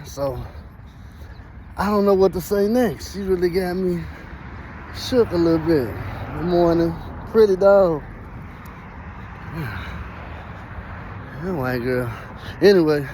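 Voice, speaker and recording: A man telling a story in a casual vlog, animated and slangy, laughing often as he talks outdoors. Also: fairly high pitch, a little hiss or hum. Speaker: vlogger.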